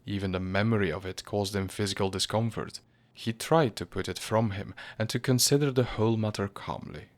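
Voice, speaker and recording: Low-voiced man narrating a grave story. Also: fairly quick. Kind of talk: storybook reading.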